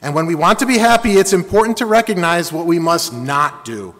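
A man's voice: fairly high pitch, expressive, brisk, a bit bright. A man preaching a sermon to his congregation, emphatic and engaging, with call-and-response. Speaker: pastor. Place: church sanctuary. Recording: long hall reverb.

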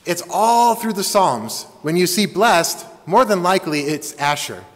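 A man's voice: high-pitched, animated, unhurried. A man preaching a sermon to his congregation, emphatic and engaging, with call-and-response. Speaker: pastor. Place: church sanctuary. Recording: long hall reverb.

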